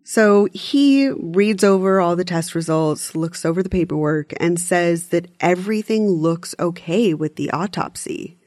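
Lower-voiced woman recapping true crime. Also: unhurried, hardly any pauses, darkish tone, dry recording, clean studio sound. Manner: chatty, recaps events in detail. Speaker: podcast co-host. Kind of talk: casual true-crime discussion.

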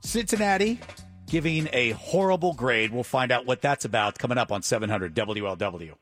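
A man's voice: medium pitch, moderate pace, faint music behind. A man co-hosting a radio talk show, teasing his co-host and reacting with disbelief. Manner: animated, teasing and incredulous. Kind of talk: casual radio banter. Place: radio studio.

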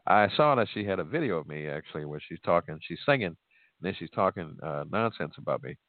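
A man's voice: low voice, lively intonation, fast, dry recording. A middle-aged man, hosting a call-in radio show with boastful, joking trash talk and frequent laughter. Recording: tinny phone-like audio.

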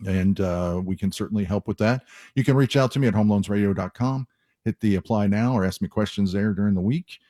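Low, mellow-voiced male radio host. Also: brisk, no room sound, clean studio sound. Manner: conversational, explains step by step with many restarts. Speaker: mortgage lender and radio show host. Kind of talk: radio call-in advice talk.

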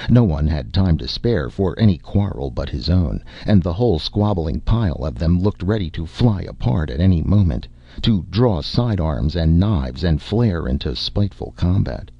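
A man reading a story aloud in measured, expressive narration, in a dull lo-fi recording. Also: low-pitched, creaky, no room sound. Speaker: audiobook narrator. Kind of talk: scripted narration.

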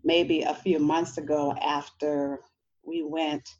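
A woman's voice: low voice, flat delivery, slow pace, a little mellow, muffled recording, a little hiss or hum. A middle-aged woman from New Orleans, an educator speaking on a panel in a conversational way, often tossing in "you know" and "right?". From New Orleans, USA. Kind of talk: panel discussion.

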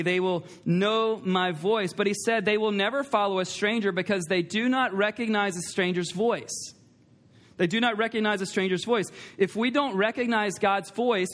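A man with a high voice preaching a sermon in a church. He speaks emphatically, repeats his key lines and puts questions to the congregation. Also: fairly bright tone. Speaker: pastor. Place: church sanctuary.

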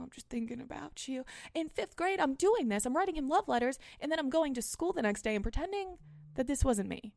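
A woman in her twenties hosting a podcast, telling a story in a casual, animated, self-mocking way with plenty of swearing. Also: a little high, no echo, clean studio sound. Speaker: podcast host.

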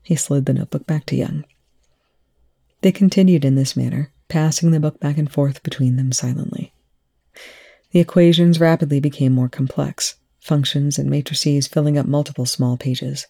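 Gravelly, husky audiobook reader. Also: medium pitch, steady tone, moderate pace, mellow. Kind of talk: fan fiction audiobook narration.

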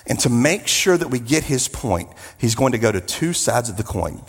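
A man preaching a sermon, emphatic, with drawn-out repetitions and joking asides. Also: medium pitch, big pitch swings, husky, big-room sound.

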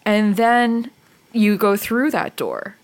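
A woman's voice: medium pitch, slow pace. Woman narrating as dungeon master. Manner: relaxed, chatty narration with fillers. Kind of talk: narrating a tabletop game.

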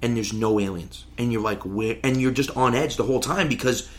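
A man in casual conversation about films, telling scenes with lively acted-out lines. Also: mid-range voice, a little fast. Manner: animated storyteller, acts out scenes with yelling voices. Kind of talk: casual movie chat.

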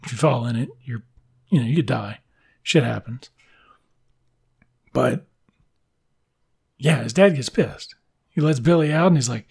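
A young adult man retelling a children's story in a crude, sarcastic comedic way, jumping into quick voices for the characters. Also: mid-range voice, gravelly, a little mellow, husky. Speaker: comedic book reviewer.

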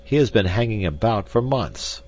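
A man reading an audiobook, voicing an earnest, insistent male suitor who speaks deliberately. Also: fairly low pitch, animated, a little mellow, breathy edge, pitched above the performer's own voice. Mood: persuasive.

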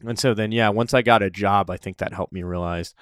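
Man, lower register, relaxed storyteller with frequent laughs, dry booth sound. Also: a little fast, clear, resonant tone, no room sound. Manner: storytelling, animated, laughs often. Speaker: interview guest. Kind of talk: casual conversation.

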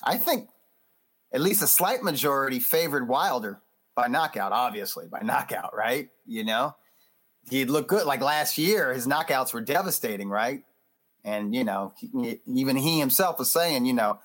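Brief: man, mid-pitched voice, podcast guest, loose and animated chat with lots of restarts. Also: moderate pace. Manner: animated, loose, acts out quotes; frequent restarts and fillers. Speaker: boxing magazine editor, podcast guest. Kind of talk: casual interview chat.

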